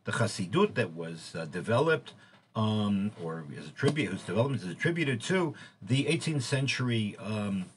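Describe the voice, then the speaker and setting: A man giving an informal lecture, halting often with fillers and restarts as he explains. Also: lowish voice, big pitch swings, a little hiss or hum. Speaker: teacher.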